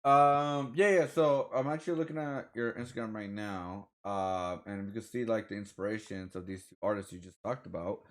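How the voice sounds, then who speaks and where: A man's voice: on the low side, moderate pace, hardly any pauses. A man hosting a casual interview podcast over a call, chatty and repetitive with many fillers. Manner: chatty, repeats words, many likes. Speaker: podcast host. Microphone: remote call audio.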